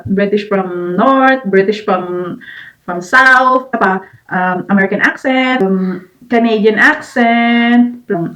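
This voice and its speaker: A woman's voice: mid-range voice, fairly bright tone. A woman from the Philippines with a Filipino accent, chatting casually as a reaction vlogger and laughing between remarks.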